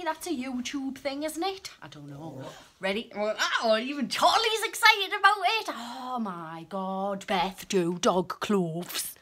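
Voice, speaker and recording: A woman chatting on a casual vlog, excitable and cheeky, swinging between gushing and hushed asides. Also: on the high side. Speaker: vlogger.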